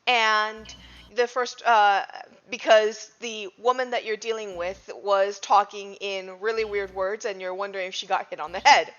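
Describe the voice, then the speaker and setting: A woman's voice: mid-range voice, fairly even intonation, unhurried, a bit bright. A woman narrating as game master of a tabletop game, chatty with frequent ums. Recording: dull lo-fi audio.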